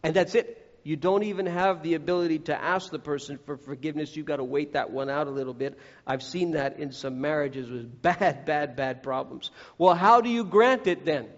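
A high-voiced man preaching an earnest sermon, talking straight to his listeners and acting out the voices he quotes. His voice rings through a large hall with a long echo. The recording is dull and lo-fi. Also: moderate pace. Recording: echoey hall, dull lo-fi sound.

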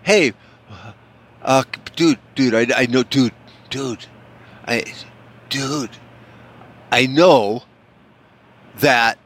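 A man's voice: medium pitch, extremely slow, pauses often, fairly bright tone. A man putting on the voice of a broke male hustler who pleads for money and keeps repeating "dude.". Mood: pleading.

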